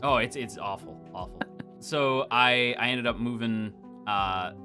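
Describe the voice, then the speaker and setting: A man's voice: mid-range voice, measured pace, bright, forceful tone, faint music behind. A man hosting a casual streamed chat, rambling playfully with lots of fillers. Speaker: host.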